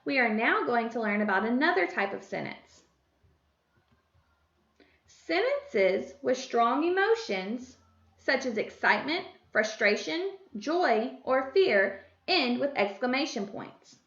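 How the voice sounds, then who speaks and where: A woman gives a slow, clear grammar lesson to young children, her high voice rising and falling as she reads each example sentence. The recording sounds dull and lo-fi, with an echo from the room around her. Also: fairly bright tone. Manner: deliberate, sing-song reading of example sentences. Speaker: first grade teacher. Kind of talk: slow, clear classroom instruction.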